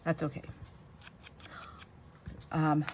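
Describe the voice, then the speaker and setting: An older woman with a fairly low voice talks casually to her viewers while she crafts. She rambles and gets sidetracked, emotional at heart. A light background hiss sits under her voice. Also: monotone, extremely slow, a little mellow. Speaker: crafting vlogger.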